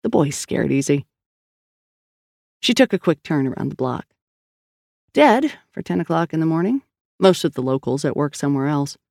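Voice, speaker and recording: A man narrates a story in a steady, scripted reading voice. His tone sits a little high and carries a gravelly grain. He is recorded close on a studio mic in a dry, dead room. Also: moderate pace, pauses often, no room sound. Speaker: audiobook narrator.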